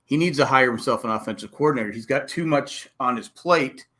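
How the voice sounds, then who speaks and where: A man hosting a casual sports podcast, talking fast and acting out coaches' and fans' reactions. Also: medium pitch. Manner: animated, acts out coaches and fans with exclamations. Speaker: podcast host.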